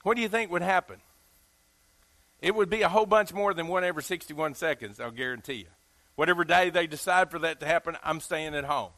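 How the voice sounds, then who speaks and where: A Southern US preacher man with a notably high, ringing voice delivers a sermon. He talks in a folksy, emphatic way and keeps putting questions to his listeners. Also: fairly quick, bright, forceful tone.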